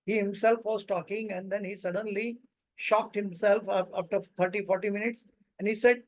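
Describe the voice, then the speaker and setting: A man telling a personal story of a meeting, halting often with fillers and non-native English phrasing. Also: high-pitched, steady tone, no echo, low-quality recording. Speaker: devotee recounting a memory.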